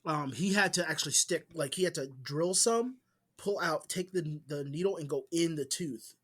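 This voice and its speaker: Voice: mid-range voice, moderate pace, a bit bright, slightly rough. A podcast co-host in casual chat, blunt and jokey, swearing for emphasis.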